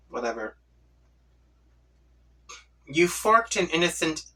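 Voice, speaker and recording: A man reads a webcomic aloud for his channel in an unhurried, playful way, slipping into voices for the characters' chat lines. His tone is bright and forceful. He sits a little back from the mic. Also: medium pitch, far from the mic, low-quality recording. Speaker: comic reading channel host. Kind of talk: reading a webcomic aloud with reactions.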